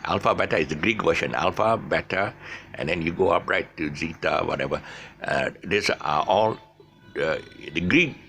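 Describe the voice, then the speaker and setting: A man's voice: sits low, gravelly, fairly bright tone, slight background noise. A man teaching a casual English lesson, rambling with fillers and restarts as he explains words. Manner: rambling, many fillers and restarts, laughs at himself.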